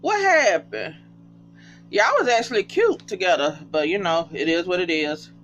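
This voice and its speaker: A casual reality TV recapper talking straight to viewers, often breaking into high, cracking laughter. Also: animated, moderate pace, a bit bright. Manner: chatty, addresses viewers as y'all. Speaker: TV show recapper. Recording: dull lo-fi sound with faint hum.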